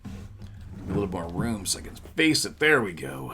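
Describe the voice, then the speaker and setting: A man's voice: low-pitched, very animated, measured pace, background noise. A man hosting a show, telling stories at home in a loose, laid-back way, swearing freely and laughing often. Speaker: host. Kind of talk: casual chat. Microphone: laptop camera.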